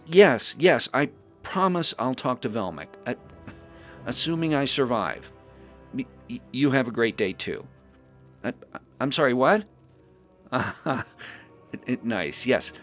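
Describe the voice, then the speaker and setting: A man's voice: mid-range voice, expressive, measured pace, pauses often. A man voicing a timid, flustered host on a trip, who stammers nervously. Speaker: show host. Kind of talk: one-sided audio role-play. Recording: lo-fi recording with faint music.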